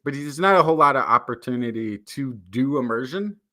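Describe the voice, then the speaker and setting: American guy co-hosting a podcast, rambly chat, bright lively voice that jumps around. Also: medium pitch, a little fast. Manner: rambling, full of restarts, animated. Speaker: podcast co-host. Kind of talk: casual chat.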